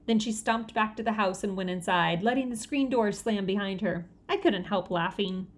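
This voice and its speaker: A woman narrating a children's novel aloud in a lively, expressive way. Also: medium pitch, moderate pace, hardly any pauses. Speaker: audiobook reader.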